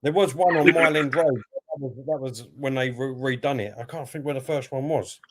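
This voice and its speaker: A man with an East London accent reads out viewer comments on a football fan stream, with a voice that sits in the middle of the range. He keeps things chatty and relaxed, thanking people as he goes. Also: medium pitch, brisk. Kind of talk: casual chat.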